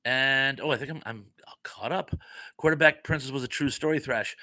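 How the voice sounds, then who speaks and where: A man's voice: medium pitch, normal speed, sharp tone, no room sound. A man hosting a casual live stream, reading viewer comments aloud in a chatty, easily flustered way.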